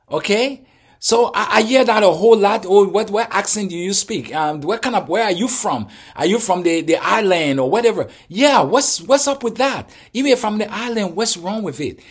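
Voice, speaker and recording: A man's voice: high-pitched, slightly rough. A man, speaking earnestly to his channel's viewers in a preaching tone full of rhetorical questions. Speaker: channel host. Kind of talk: direct-to-camera monologue.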